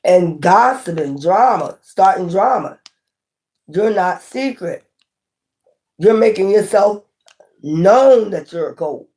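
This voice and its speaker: A woman's voice: mid-range voice, animated, slow, long pauses, darkish tone. A woman reads tarot cards for her viewers in a loose, casual way. She is blunt and swears freely, speaks with passion, and hammers her points home with repetition and questions to the audience. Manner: blunt, profane, repeats herself emphatically. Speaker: tarot reader. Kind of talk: casual tarot reading to camera.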